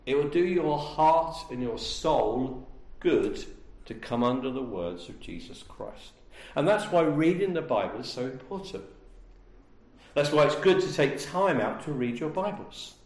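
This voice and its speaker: A man preaching a sermon, emphatic and full of rhetorical questions. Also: fairly high pitch. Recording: echoey room.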